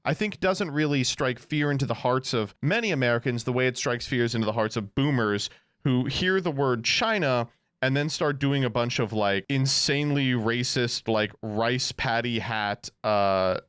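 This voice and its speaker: A man's voice: medium pitch, moderate pace, fairly bright tone, clean tone, no echo, studio quality. A man co-hosting a podcast in a sardonic, casual way, cursing freely. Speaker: podcast co-host. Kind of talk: casual chat.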